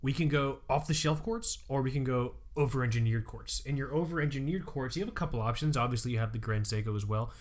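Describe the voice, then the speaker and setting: A man co-hosting a casual podcast chat, playful and teasing with quick asides. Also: medium pitch. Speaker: podcast co-host.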